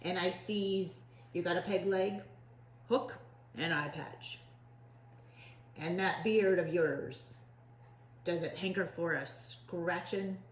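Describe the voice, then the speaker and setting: Woman doing a gruff storybook pirate captain, bellowing pirate slang, low voice, unhurried, echoey. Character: gruff male pirate captain, impatient and bossy.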